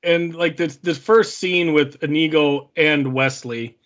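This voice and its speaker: A man's voice: a little high, steady tone, a little slow, fairly bright tone, dull audio. A man co-hosting a podcast, chatting casually and enthusiastically about a film, laughing often. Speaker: podcast co-host.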